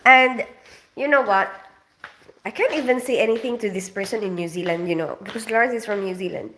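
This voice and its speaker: A woman in her forties from the Philippines chats with her viewers from home, rambling along with plenty of fillers. Her nose is stuffy from allergies. The talk is loose and relaxed, with no script. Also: medium pitch, a little fast, slight background noise. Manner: chatty, rambling, lots of fillers. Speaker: livestream host. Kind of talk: casual live chat with viewers.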